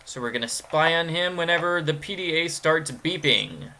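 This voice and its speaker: A man's voice: on the high side, expressive, moderate pace, pushed and bright. A man giving gameplay commentary, rambling and cracking goofy jokes. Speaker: let's player.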